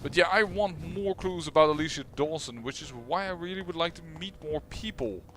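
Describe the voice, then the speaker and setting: A man's voice: on the high side, a little fast, a bit bright. A man hosting a let's play, chatting through his gameplay with wry, self-mocking remarks. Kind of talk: gameplay commentary. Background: faint game music.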